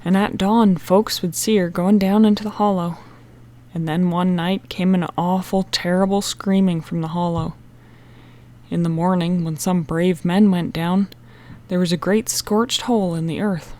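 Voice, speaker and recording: A woman reading an audiobook, voicing a stern superstitious countrywoman who tells a witch legend in a low, intense way. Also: steady tone, a little slow, dark tone, natural voice. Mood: ominous.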